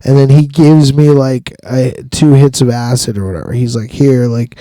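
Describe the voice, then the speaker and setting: A man's voice: mid-range voice, steady tone, warm tone, no echo, poor audio. A man hosting a casual podcast, telling a long story full of swearing and frequent laughter. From Washington state. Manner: profane, laughing often, drawn-out storytelling. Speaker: podcast host.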